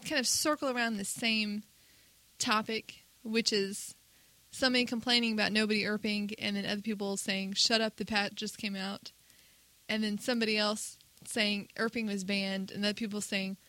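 A woman's voice: mid-range voice, flat delivery, moderate pace, bright, forceful tone, dry recording, poor audio. A woman co-hosting a casual chat, telling a story in a wry, chatty way. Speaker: podcast co-host.

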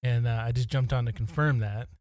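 A man co-hosting a podcast in a relaxed, rambling chat, often restarting his sentences. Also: medium pitch, fairly quick, no echo, studio quality. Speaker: podcast co-host. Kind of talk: casual chat.

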